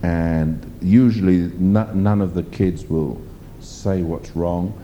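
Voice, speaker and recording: Deep-voiced preacher, dark tone. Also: male voice, fairly even intonation, takes it slowly, highs cut off, slight background noise. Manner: emphatic, rambling storytelling with fillers. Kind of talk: sermon.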